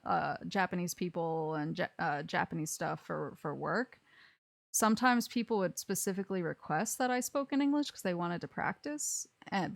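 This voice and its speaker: A woman's voice: on the low side, dry recording, clean studio sound. A young woman from Alabama with a Southern accent, chatting casually on a game stream, rambling and laughing often. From Alabama, USA. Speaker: streamer host.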